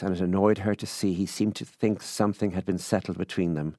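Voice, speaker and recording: An Irish man with a very deep voice reads a literary story aloud in a measured, unhurried way. The sound is dry and close, with no room around it. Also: steady tone, a little mellow, dry recording. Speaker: reader. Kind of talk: literary reading.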